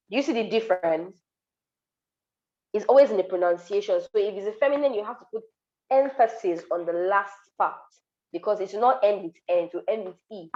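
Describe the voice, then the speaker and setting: A woman teaching a French class online, explaining patiently, repeating words and pausing with ums. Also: mid-range voice, mellow, muffled recording. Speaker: French tutor.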